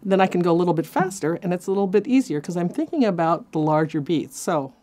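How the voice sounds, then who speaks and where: A woman's voice: fairly low pitch, expressive, quick pace, warm tone, slight background noise. A woman teaching a cello lesson, counting beats aloud and encouraging her students. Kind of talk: instructional lesson. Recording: cello playing behind. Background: faint cello music.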